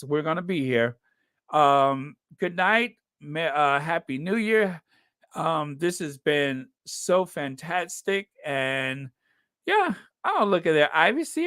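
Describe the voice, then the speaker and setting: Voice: medium pitch, a bit bright, no echo, studio quality. A live-stream host in casual chat, effusive and grateful, laughing often while thanking viewers. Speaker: livestream host reading viewer messages.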